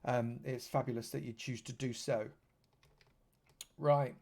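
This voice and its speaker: A man's voice: medium pitch, fairly even intonation, a little slow, vocal fry, a little mellow. A man giving a chatty live tour of a game server, heaping praise on what he shows. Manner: effusive, chatty, lavish with praise. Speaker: streamer touring a game server. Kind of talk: live gameplay tour commentary.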